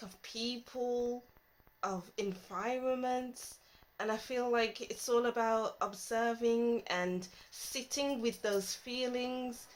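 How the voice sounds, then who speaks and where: A woman talks through a tarot reading at a leisurely pace, her voice sitting slightly high. She is playful and given to giggles, then turns soft and reflective as she reads intuitive messages. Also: rough recording. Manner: playful and giggly, breaks into song and laughter. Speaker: tarot reader. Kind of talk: casual tarot reading monologue.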